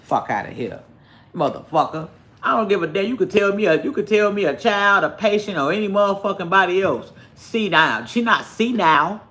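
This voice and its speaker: A man's voice: sits high, expressive, normal speed, sharp tone. A man giving blunt, heated livestream commentary, swearing constantly as he rants. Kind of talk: profane ranting commentary.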